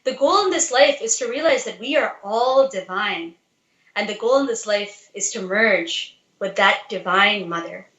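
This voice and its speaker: A woman's voice: medium pitch, unhurried, fairly bright tone, echoey room, dull audio. A woman giving an earnest devotional talk, telling a story and asking rhetorical questions to urge listeners on. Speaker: devotional speaker.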